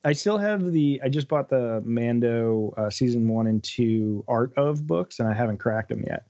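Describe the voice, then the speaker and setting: A man hosting a podcast in a relaxed, laid-back chatting way. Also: medium pitch, normal speed, no echo, muffled recording. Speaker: podcast host. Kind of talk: casual fan chat.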